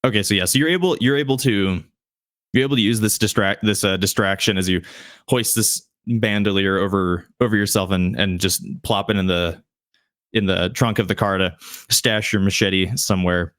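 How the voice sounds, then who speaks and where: Low-voiced halting game master man. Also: fairly bright tone, no room sound, clean studio sound. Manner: halting, with frequent restarts and fillers. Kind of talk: narrating a tabletop game.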